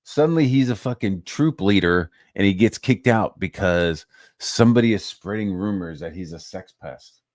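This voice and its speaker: Profane, ranting man with a low voice. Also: normal speed, dry recording, clean studio sound. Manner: profane, animated, mocks others in put-on voices. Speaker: channel host. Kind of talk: casual ranting commentary.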